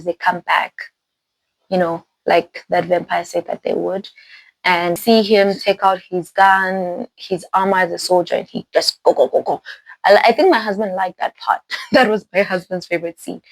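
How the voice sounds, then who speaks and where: Woman, film recap host, animated, rambling, laughing, dry close sound. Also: lowish voice, dry recording, poor audio. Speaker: movie reviewer host. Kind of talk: casual spoiler recap.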